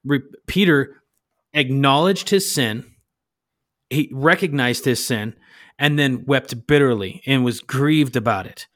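A man's voice: medium pitch, slow pace, fairly bright tone, no room sound, studio quality. A man hosting a podcast, paraphrasing a Bible story in a rambling way and searching for words. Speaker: podcast host. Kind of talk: casual Bible discussion.

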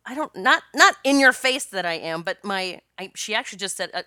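A woman's voice: medium pitch, animated, a little fast, sharp tone, smooth, no echo, clean studio sound. A woman hosting her own podcast as a spiritual coach, telling a personal story in a chatty, rambling way with many restarts and laughs. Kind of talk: casual solo podcast storytelling.

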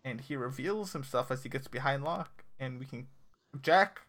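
A man's voice: medium pitch, normal speed, fairly bright tone. A man casually recapping a TV episode on a podcast, rambling and correcting himself as he goes. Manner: rambling, self-correcting, laughs often. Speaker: podcast co-host.

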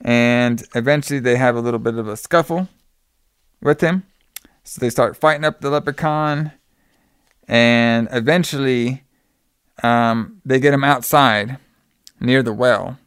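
A man's voice: mid-range voice, a little slow, pauses often, fairly bright tone, smooth, no echo, studio quality. Rambling profane male podcast host. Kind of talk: casual movie recap.

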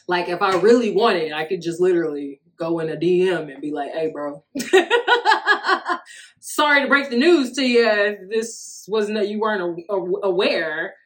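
A woman's voice: on the low side, animated, moderate pace, few pauses, a little hiss or hum. A woman in her thirties hosting a solo podcast, talking candidly and profanely in a casual monologue, often laughing as she tells stories. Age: 30s. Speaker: podcast host.

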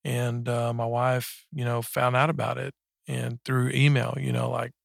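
A man in his forties giving a personal faith testimony in casual conversation, halting and earnest, with many restarts and fillers. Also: medium pitch, level tone, vocal fry, dry recording, studio quality. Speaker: guest sharing a faith story.

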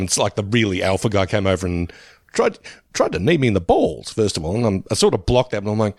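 A man in a casual podcast chat tells his stories with animated, swinging intonation and laughs along at his own jokes. His voice sits mid-range, recorded dry and close. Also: on the low side, a little fast, dry recording. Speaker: podcast co-host.

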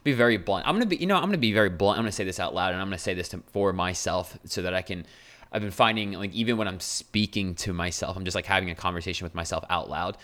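A man's voice: sits low, quick pace, a bit bright. A man hosting a solo podcast as a health coach, talking bluntly and casually with swearing and fillers.

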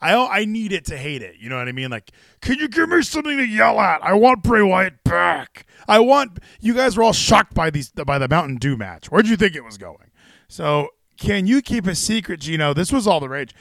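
A man hosting a casual wrestling chat podcast, animated and rambling, swearing freely and restarting his sentences. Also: high-pitched, normal speed, no echo, clean studio sound. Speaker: podcast host.

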